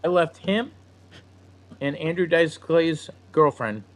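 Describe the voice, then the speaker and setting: A man's voice: fairly high pitch, slow pace. A man guesting on a podcast, telling a story in a laid-back way. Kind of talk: casual chat, anecdote.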